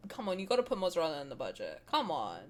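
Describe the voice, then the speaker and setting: A young woman streaming, reading a game aloud and reacting with excited, swearing banter. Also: lowish voice, very fast, faint music behind.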